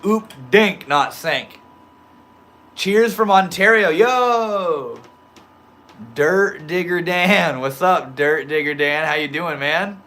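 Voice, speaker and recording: A man's voice: a little high, slow pace, hardly any pauses, pushed and bright. A man chatting loosely with his livestream viewers, reading their comments aloud in slangy talk full of bro and dude. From Maine. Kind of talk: casual livestream chat.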